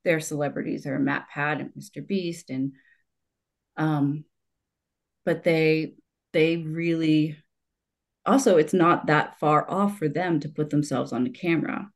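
A woman's voice: sits low, fairly even intonation, unhurried, long pauses. A woman in her forties in casual conversation, talking in long rambling stretches with restarts and laughter. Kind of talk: conversational podcast talk.

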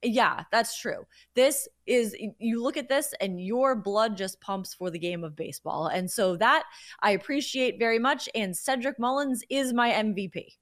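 A woman's voice: on the high side, normal speed, dry recording, clean studio sound. A woman co-hosting a sports talk show, talking enthusiastically about a game. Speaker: co-host.

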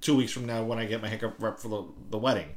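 A man chatting casually on a podcast, relaxed and halting, swearing now and then as he tells a story. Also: fairly low pitch.

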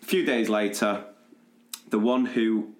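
A man co-hosting a podcast, telling a funny story in a lively, chatty way and laughing as he goes. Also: on the low side, measured pace. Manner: animated anecdote-telling with laughter and quoted voices. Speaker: podcast co-host. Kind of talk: casual storytelling chat. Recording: roomy echo.

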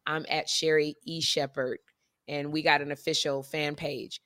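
A woman co-hosting a casual podcast chat, talkative and animated, often repeating and restarting her sentences. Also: low voice, normal speed, no room sound, studio quality. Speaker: podcast co-host.

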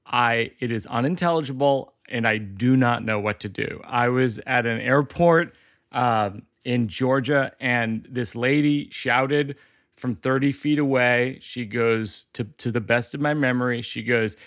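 A man hosting a casual interview conversation, telling stories and jokes in an animated way and laughing through his own punchlines. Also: medium pitch, no room sound, studio quality. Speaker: host.

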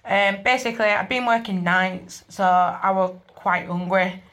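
A woman's voice: medium pitch, a little slow, fairly bright tone. A woman from northern England with a northern English accent, chatty and a little hesitant, calling in to tell a personal story. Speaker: caller.

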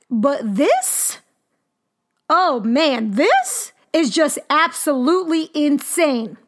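Female sports podcast host, 30s, high voice, punchy and expressive delivery. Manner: animated, emphatic, exclaiming. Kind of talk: casual sports commentary.

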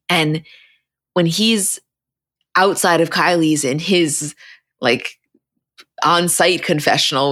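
Podcast co-host, woman with a low pitch, quick rambling talker, dry studio sound. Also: no room sound. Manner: rambling, quick, recounts scenes in a flat retelling voice. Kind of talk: casual recap chat.

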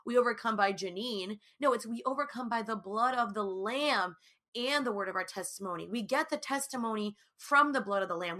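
A woman's voice: a little high, pushed and bright. A young woman hosting a faith podcast, talking through a personal story in a chatty way, full of "like" and "you know". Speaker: podcast host. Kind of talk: casual faith podcast monologue.

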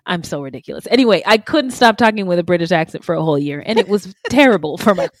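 A woman's voice: medium pitch, lively intonation, brisk, no room sound. A woman co-hosting a true crime podcast, chatty and laughing, with stammering restarts. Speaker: podcast co-host. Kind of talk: casual true crime chat.

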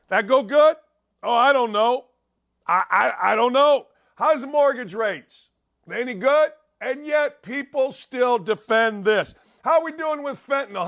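A man hosting a sports talk show, delivering a sarcastic, heated commentary rant with bursts of shouting. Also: extremely high pitch.

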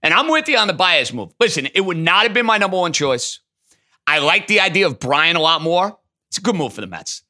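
A man hosting a call-in sports talk show, taking callers and arguing his takes emphatically. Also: high-pitched. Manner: emphatic, animated, quick to riff. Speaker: sports radio host.

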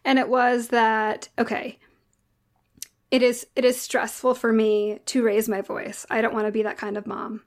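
Animated mother telling a story, higher voice. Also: measured pace. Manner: animated storyteller, acts out dialogue. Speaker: mother of young girls. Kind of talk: casual chat.

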